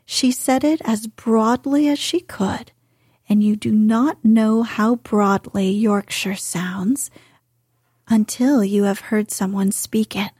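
A woman reading a storybook aloud, in a soft, half-whispered and unhurried delivery. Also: mid-range voice, fairly even intonation, husky, dry recording, studio quality. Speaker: audiobook narrator.

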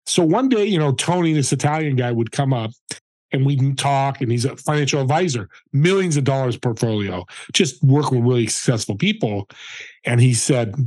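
Animated storytelling man, dry close sound. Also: mid-range voice, a little fast, husky, dry recording, rough recording. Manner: animated, acts out quoted dialogue. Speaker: podcast guest. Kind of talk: casual storytelling.

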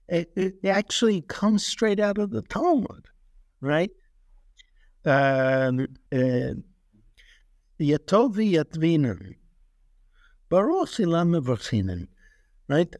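A man answers interview questions slowly and haltingly, restarting his sentences. His voice sits a little high. The recording is dry and close. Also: dry recording. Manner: hesitant, many restarts and fillers. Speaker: author being interviewed.

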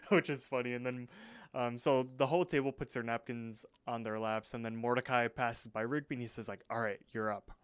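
A young man at mid pitch talks through a cartoon episode scene by scene in a loose podcast chat, and the recording is dry and close, with no room sound. He keeps jumping into quick character voices for the lines he quotes. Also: fairly even intonation, clean tone, no room sound. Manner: retells scenes, voicing characters in quick impressions. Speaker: podcast co-host. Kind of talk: casual episode recap.

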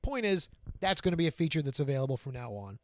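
A man's voice: fairly high pitch, big pitch swings, fast talker, no room sound, clean studio sound. Joking man co-hosting a podcast. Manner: joking, teasing, swears freely. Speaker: podcast co-host. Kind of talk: casual chat.

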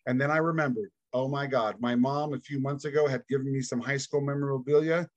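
A man speaks as a guest on a podcast, recounting his story casually and with energy. He slips into the voices of the people he quotes and drops in a laid-back "dude" now and then. His voice sits in an ordinary middle pitch, recorded dry with no room sound. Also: a little fast, dry recording, muffled recording. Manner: animated, acts out quoted dialogue.

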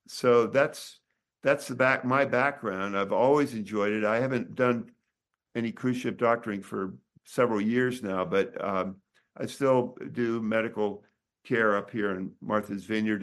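An older man, a doctor and author, talking in a relaxed interview with many restarts and pauses. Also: on the low side. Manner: rambling, halting, many restarts. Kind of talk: casual interview chat.

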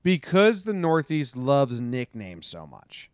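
Easygoing young man with a smooth voice. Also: medium pitch, sing-song, slow, dry recording, clean studio sound. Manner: easygoing, questioning, rambling. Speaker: podcast co-host. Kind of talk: casual chat.

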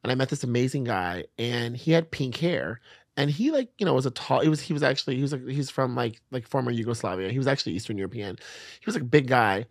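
A young man in a relaxed podcast chat, telling stories in a lively, animated way that breaks into laughter and restarts itself often. His voice is mid-pitched and the sound is dry and close. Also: fast, no room sound. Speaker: podcast guest. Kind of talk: casual chat.

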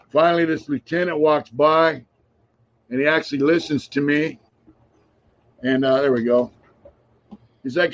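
A man's voice: on the high side, fairly even intonation, unhurried, pauses often. A middle-aged man in casual chat, telling his story in a laid-back, rambling way and trailing off to a mutter. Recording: dull lo-fi sound.

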